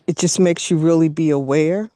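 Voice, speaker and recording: A woman leading a group video call, speaking gently and encouragingly. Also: deep voice, steady tone, moderate pace, no echo. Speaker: group facilitator.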